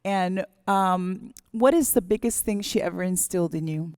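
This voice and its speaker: A woman judge giving gentle, warm feedback to a contestant. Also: fairly low pitch, normal speed, no room sound, studio quality.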